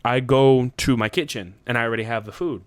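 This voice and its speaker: Rambling man telling a story, smooth voice. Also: a little fast, no room sound. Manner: rambling, profane, jumps into high voices quoting people. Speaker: podcast host. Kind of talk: casual storytelling chat.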